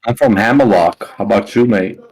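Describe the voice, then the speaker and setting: A man voicing a proud male Galarian Weezing, gruff and calling people mate. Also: lowish voice, brisk, a little mellow.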